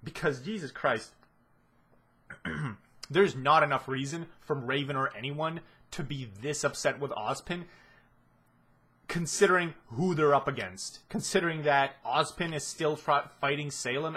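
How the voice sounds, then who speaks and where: A man's voice: mid-range voice, normal speed, a bit bright, husky. A man giving a ranting analysis of a show, exasperated and swearing heavily. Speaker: video commentator.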